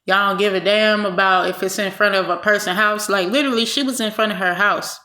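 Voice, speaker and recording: A woman's voice: mid-range voice, fairly even intonation, fairly quick, bright, forceful tone. A woman from California giving blunt, exasperated commentary straight to her viewers. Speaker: vlogger commenting on a clip. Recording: roomy echo.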